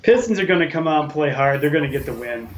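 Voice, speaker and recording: A man's voice: on the high side, expressive, fast, noisy background. A man co-hosting a casual sports picks show, talking in a chatty, rambling way with plenty of fillers.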